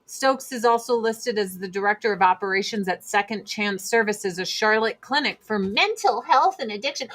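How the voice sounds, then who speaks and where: A woman's voice: mid-range voice, expressive, normal speed, few pauses, fairly bright tone. A woman hosting a casual monologue chat, blunt and emphatic, repeating her points for force. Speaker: host.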